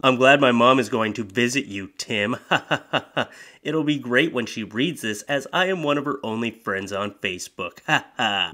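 A man's voice: mid-range voice, expressive, moderate pace. Sarcastic, crude male commentary host. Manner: sarcastic, crude, mocking, laughs at his own jokes; switches into loud, exaggerated voices when reading posts aloud. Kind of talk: comedic commentary reading posts.

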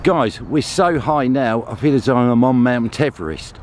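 Walking through a town and up onto clifftops, a man records a chatty family vlog, cracking jokes about how winded he is. He speaks at a moderate pace in a medium-pitched, darkish voice, and there is a little hiss or hum.

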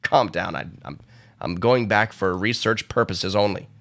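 A young man streaming a casual reaction to an album, excitable, swearing often and joking. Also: fairly low pitch, normal speed, creaky. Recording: faint pop music underneath. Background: pop music playing.

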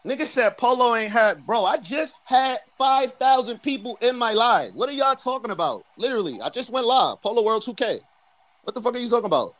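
A man from New York with a New York accent, trash-talking loudly and boastfully as a guest on a livestream call. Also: very high-pitched, sing-song, brisk. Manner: brash, boastful, loud. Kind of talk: heated livestream trash talk.

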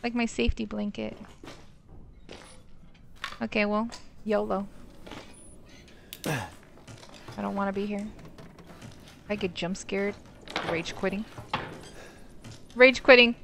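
A woman's voice: mid-range voice, fairly even intonation, takes it slowly, gravelly, pauses often, a little hiss or hum. A young woman commenting on a horror game as she plays, swearing freely and shrieking when startled. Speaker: let's play gamer. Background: game music.

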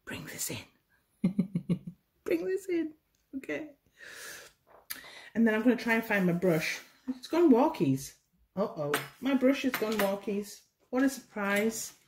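A woman's voice: on the low side, darkish tone. Chatty woman teaching baking. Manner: chatty, self-deprecating, often drops to a murmur while working. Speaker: baking tutorial host. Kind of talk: casual hands-on demonstration.

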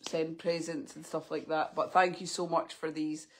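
A woman in her thirties, teary and soft-spoken as she chats through opening parcels live. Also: low-pitched, level tone, moderate pace, a little hiss or hum. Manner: tearful, soft-spoken, sniffly. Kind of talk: emotional live unboxing chat.

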